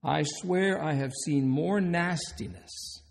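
A man's voice: on the high side, takes it slowly, creaky. A man who is a hospice chaplain and minister, giving a conference talk, telling stories with humor and putting questions to the audience. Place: conference hall. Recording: long hall reverb.

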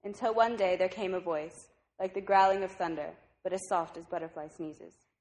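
A woman's voice: fairly low pitch, steady tone, normal speed, a little mellow. A woman reading a picture book aloud to a congregation at a service. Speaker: reader at a service.

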